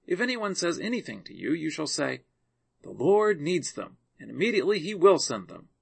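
A calm, authoritative teacher, read by a man. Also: a little high, normal speed, creaky, husky, exaggerated voice. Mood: earnest. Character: a compassionate, authoritative male teacher.

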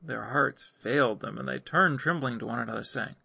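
A man reading scripture aloud in measured narration. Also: mid-range voice, gravelly, sharp tone, slightly rough, no echo. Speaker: scripture reader.

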